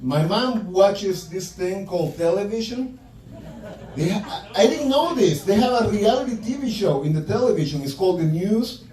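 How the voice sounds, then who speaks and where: High-voiced male comic in a loud club. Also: animated, normal speed. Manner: profane punchy storytelling, acts out quotes. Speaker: stand-up comedian. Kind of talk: stand-up comedy set. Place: comedy club stage. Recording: roomy club sound from far off, loud crowd laughter. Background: audience laughing.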